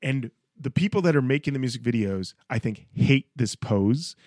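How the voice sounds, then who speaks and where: A man's voice: mid-range voice, moderate pace, no room sound. Guy on a podcast riffing and describing a music video, dry close sound. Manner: animated storytelling, acts out bits. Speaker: podcast co-host. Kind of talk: casual chat.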